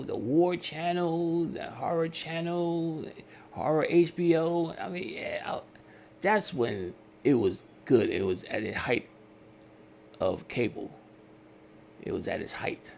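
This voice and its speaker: A podcast host with a slightly high, gravelly voice tells an animated story as a casual rant, acting out customer service calls in different voices. A faint hiss or hum runs under the recording.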